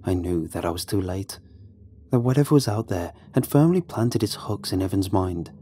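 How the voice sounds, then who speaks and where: A man reading a horror story aloud as a scripted narration, with measured, tense storytelling. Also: deep voice, expressive, mellow, a little hiss or hum.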